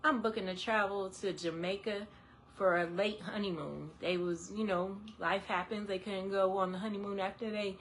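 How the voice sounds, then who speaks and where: A woman's voice: medium pitch, moderate pace, a little hiss or hum. A woman who works as an independent travel agent, chatting on a live stream to her viewers with lots of laughter. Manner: animated, laughs often, talks straight to viewers. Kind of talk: casual live-stream chat. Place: indoors under a ring light.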